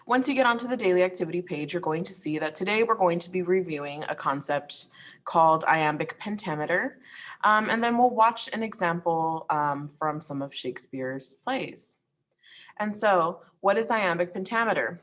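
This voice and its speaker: A woman's voice: on the low side, fairly bright tone. A woman teacher recording an online lesson walkthrough while sharing her screen, explaining step by step in a friendly way with frequent ums and likes.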